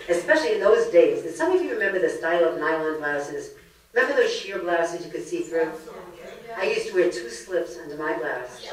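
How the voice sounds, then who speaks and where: A woman's voice: lowish voice, noisy background. Older New woman, echoey lecture. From Brooklyn, New York. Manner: joke-telling, lively storyteller. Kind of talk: comedic lecture. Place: library meeting room. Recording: echoey room, distant mic.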